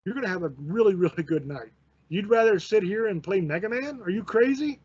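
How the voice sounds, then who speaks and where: Pushy young party bro, higher and husky, incredulous, as a man puts him on, lo-fi. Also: lively intonation, a little fast, darkish tone, no room sound. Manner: urging, incredulous. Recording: dull lo-fi recording.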